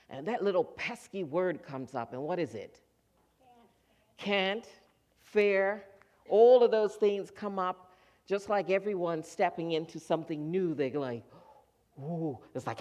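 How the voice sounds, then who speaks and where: A minister preaching in a church and telling a story to the congregation. The delivery is animated, and the preacher acts out the voices of the characters in the story. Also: mid-range voice, normal speed. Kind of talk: sermon. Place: church sanctuary.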